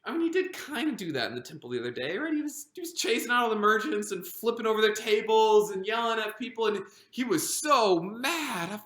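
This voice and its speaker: A woman's voice: fairly high pitch, lively intonation, a little fast, hardly any pauses, a bit bright. A woman pastor performing a devotional monologue as a frightened disciple of Jesus, anxious and stammering with many restarts. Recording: roomy echo.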